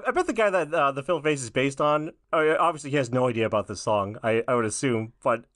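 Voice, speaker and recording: A man's voice: medium pitch, fast, fairly bright tone, dry recording, clean studio sound. A man co-hosting a podcast, chatting easily and joking about a cartoon episode. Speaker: podcast co-host. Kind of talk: casual chat reviewing a cartoon episode.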